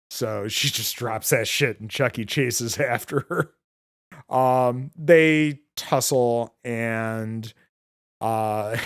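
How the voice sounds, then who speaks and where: A man hosting a podcast, recapping a film in casual chat, rambling with many filler words and free swearing. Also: mid-range voice. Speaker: podcast host.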